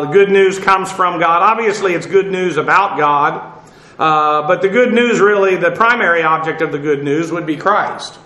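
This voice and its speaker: A man teaching scripture, breaking down Greek grammar step by step. His voice sits a bit high and rings bright and sharp, with many halting fillers as he spells terms out letter by letter. The room around him is echoey. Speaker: Bible teacher. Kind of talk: verse-by-verse Bible study with Greek word analysis.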